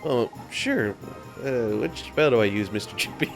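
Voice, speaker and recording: A man's voice: mid-range voice, lively intonation, moderate pace, creaky, soft background music. A man voicing a shy, polite young boy hero in a game. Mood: meek. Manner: hesitant, polite.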